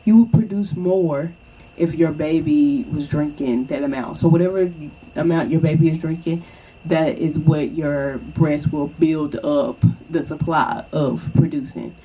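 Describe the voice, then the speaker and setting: Mellow-voiced woman giving casual advice. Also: sits low, unhurried, slight background noise, poor audio. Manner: chatty, reassuring, repeats "okay?" to the viewer. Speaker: vlogger.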